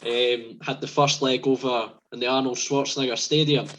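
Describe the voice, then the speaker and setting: A man's voice: mid-range voice, fairly even intonation, normal speed, a bit bright, rough recording. A man interviewing a former football manager, asking questions with hesitant restarts. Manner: hesitant, repeats openings.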